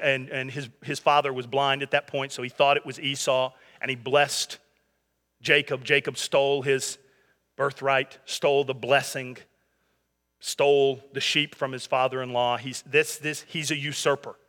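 A man's voice: medium pitch, bright, forceful tone, big-room sound. A man in his thirties preaching a sermon in a conversational way, with humor and asides to the congregation. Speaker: pastor.

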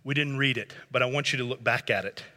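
A middle-aged man preaching a sermon as pastor, building to shouted exhortations. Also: medium pitch, fast, big-room sound.

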